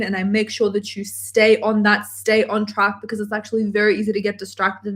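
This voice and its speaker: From her home workspace, a woman manifestation coach runs a live stream, reading viewers' chat comments aloud. She gushes animatedly and swears casually, speaking in a mid-range voice.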